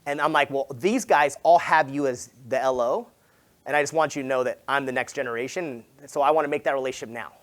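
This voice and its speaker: A Southern California real estate agent delivers an energetic motivational keynote at a sales summit, talking quickly. He tells his stories casually, packing them with "like" and "right?" Whenever he quotes someone, he acts it out with big, sudden leaps in pitch and volume.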